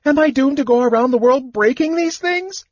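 Frantic little kender, very high, sobbing, storybook reading. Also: male voice, normal speed, no echo, highs cut off. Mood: wailing. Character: wailing, tearful kender, small and childlike.

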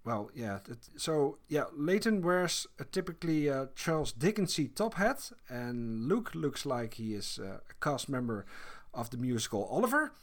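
Lively man chatting about games. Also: mid-range voice, normal speed, hardly any pauses. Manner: animated, laughs often, many restarts. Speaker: podcast co-host. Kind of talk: casual chat about video games.

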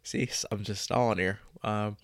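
A man's voice: lowish voice, fairly even intonation, normal speed, no room sound. Stuffy-nosed teen guy rambling on his podcast, dry close sound, jokes about stalling. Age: late teens. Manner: rambling, self-aware, jokey about stalling. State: congested, stuffy from a cold. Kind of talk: casual solo podcast chat.

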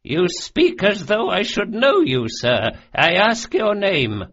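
A man voicing an aged, imperious noblewoman in an audiobook, speaking coldly and sharply in a raised, high voice, on a dull lo-fi recording. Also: wildly swooping pitch, slow, full character voice. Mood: cold, indignant. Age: older. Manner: cold, commanding, sharp.

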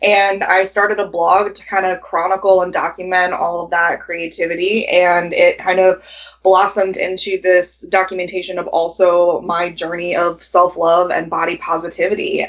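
A woman calling in as guest co-host, upbeat and quick to laugh. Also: fairly low pitch, level tone, a bit bright. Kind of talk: casual chat. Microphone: calling in remotely. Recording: dull call-in audio.

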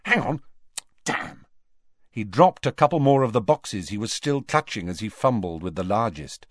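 A man reading an audiobook aloud in an expressive, varied way. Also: on the low side, normal speed, no echo, studio quality. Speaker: audiobook reader. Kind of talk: audiobook narration.

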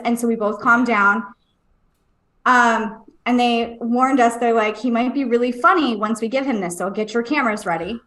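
A woman in her thirties co-hosting a podcast, telling a story in a lively, animated way, often laughing, swearing freely and acting out other people's voices. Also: a little high, echoey room. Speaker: podcast co-host. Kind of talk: casual storytelling chat.

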